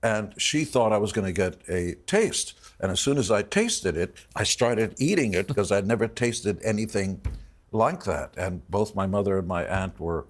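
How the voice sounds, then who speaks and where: A very deep-voiced man speaks slowly and reflectively as an interview guest, often pausing and restarting as he recalls his past. His tone is husky and a little emotional. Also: animated. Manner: reflective, halting, full of restarts. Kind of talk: personal storytelling.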